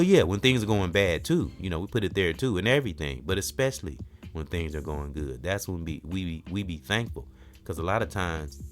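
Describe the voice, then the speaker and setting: Male podcast host, very deep voice, loose reflective spiritual chat, faint music underneath. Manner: rambling, reflective, full of "you know". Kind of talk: casual spiritual talk.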